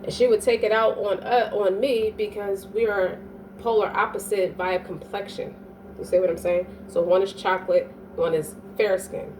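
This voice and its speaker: A woman's voice: medium pitch, steady tone, moderate pace, a little mellow. Woman, astrology reader, emphatic, profane, distant mic, faint background noise. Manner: profane, emphatic, keeps asking "you dig?". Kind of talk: casual monologue reading.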